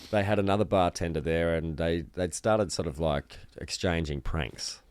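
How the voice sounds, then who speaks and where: Deep-voiced man telling a rambling story. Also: a little mellow, clear, resonant tone, no room sound. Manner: rambling, halting with many restarts and ums. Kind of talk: casual storytelling chat.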